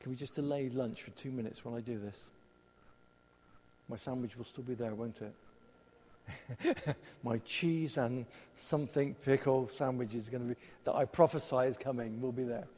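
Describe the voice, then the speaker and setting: A man's voice: medium pitch, fairly even intonation, moderate pace, long pauses, dark tone, a little hiss or hum. A man preaching a sermon and leading prayer, conversational with self-deprecating humour. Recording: long hall reverb.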